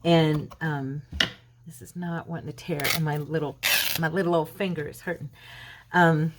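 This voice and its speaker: A woman with a slightly low voice chats her way through a story while she crafts. She rambles and restarts as she goes. When she quotes the people in the story, her voice lifts and brightens for their lines. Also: steady tone, moderate pace, background noise. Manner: chatty retelling, acting out quoted dialogue in a lifted voice; loose, rambling, with fillers and restarts. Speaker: mixed-media craft channel host.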